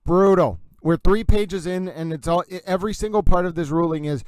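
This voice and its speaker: A man hosting a casual livestream, reading viewer comments aloud and reacting to a court ruling in an animated, gossipy way. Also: high-pitched, brisk, clean tone, dry recording.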